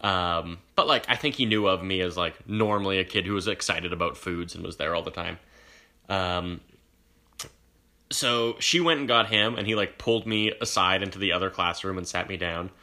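Lively young man telling a story. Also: low voice, moderate pace. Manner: animated storyteller who acts out quoted voices. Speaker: podcast host. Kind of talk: casual chat.

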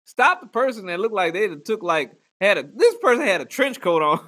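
A man, hosting a casual chat and telling profane, animated stories with mock voices. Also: high-pitched, brisk.

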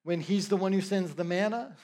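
A man's voice: high voice, moderate pace, a little mellow. A middle-aged male preacher giving a conversational sermon, with joking asides and frequent check-ins with his listeners.

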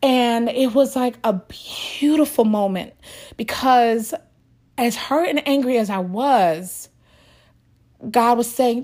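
A woman's voice: a little high, slow pace, a little mellow. A woman telling a personal faith testimony in a casual, earnest way, full of restarts and close to tears. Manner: emotional, earnest, with many restarts.

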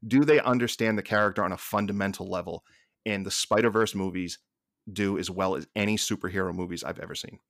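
A man with a Boston accent, a podcast guest talking with passion and many quick restarts. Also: low-pitched, fairly bright tone, no echo, studio quality. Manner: passionate, fast restarts and repeated words. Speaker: podcast guest, staff writer. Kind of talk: casual podcast chat.

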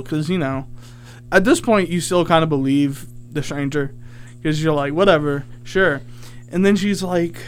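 On his college radio show, a young man spins an animated, rambling story packed with filler words. He has a fairly high, smooth voice and speaks a little slowly.

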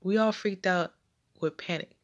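A young woman telling a personal childhood story, halting with repeats and restarts. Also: lowish voice.

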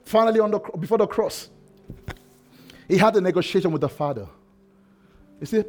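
Impassioned high-voiced preacher man. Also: a little fast, long pauses, soft background music. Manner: impassioned preaching, swinging from shouts to hushed tones. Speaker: pastor. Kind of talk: sermon.

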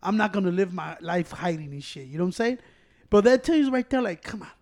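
High-voiced fast-talking man. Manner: animated storytelling, acts out quotes loudly; swears a lot, laughs often. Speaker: podcast co-host. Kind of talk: casual chat.

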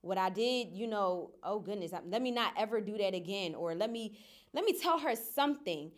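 A young woman speaking in a casual group discussion, candid and expressive about her feelings. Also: mid-range voice, moderate pace. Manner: candid, expressive, self-aware.

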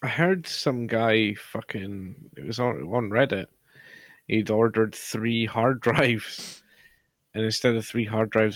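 A relaxed young man with a lowish voice, swearing casually and dropping quick reactions into the chat. The sound is dry and close with no room around it. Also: no room sound. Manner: laid-back, sweary, short reactions.

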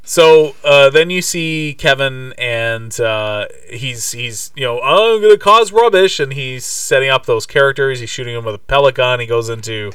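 A man's voice: mid-range voice, fairly even intonation, fairly bright tone, slight background noise. Chatty man, mic a bit distant. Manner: chatty, playful, retells scenes with quick impressions. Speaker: podcast co-host. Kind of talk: casual movie recap chat.

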